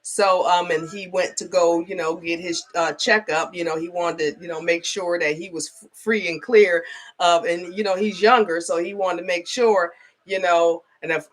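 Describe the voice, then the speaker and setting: A woman's voice: on the low side, steady tone, moderate pace. A middle-aged woman telling a story in a casual vlog, chatty and full of "okay?" and "you know". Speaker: spiritual advisor.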